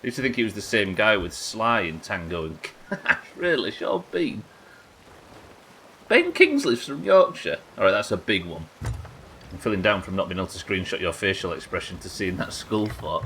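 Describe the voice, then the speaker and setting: A man's voice: low voice, animated, moderate pace, sharp tone, slight background noise. A young man streaming a pirate game live, chatting with viewers and swearing casually. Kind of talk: live game commentary reading chat.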